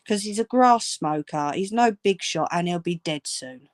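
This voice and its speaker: A woman's voice: on the low side, lively intonation, normal speed, hardly any pauses, dry recording, clean studio sound. A woman ranting angrily at viewers, swearing and scolding. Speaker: channel host. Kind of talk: angry direct-to-camera rant.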